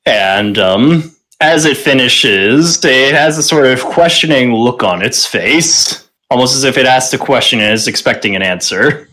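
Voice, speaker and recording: A man's voice: mid-range voice, animated, a little slow, bright, forceful tone. A man narrating a tabletop game as game master, rambling with many fillers.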